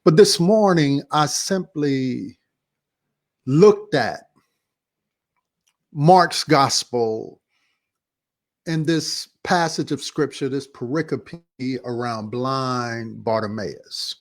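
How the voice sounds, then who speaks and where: A man hosting a church talk show, casually recapping a sermon in a relaxed, repetitive, slangy way. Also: medium pitch, drawn-out words, pauses often. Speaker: pastor and show host.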